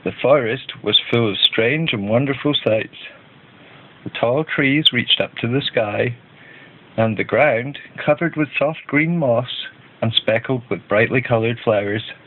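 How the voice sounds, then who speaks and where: A man narrating a children's storybook in a gentle, even read-aloud manner. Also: medium pitch, unhurried. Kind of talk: storybook reading. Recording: tinny phone-like band.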